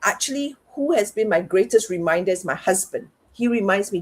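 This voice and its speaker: A woman's voice: mid-range voice, expressive, fairly quick, hardly any pauses, darkish tone, slightly rough. A middle-aged woman, a parenting and life coach, talking candidly and reflectively as an interview guest. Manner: reflective, talks herself through things aloud.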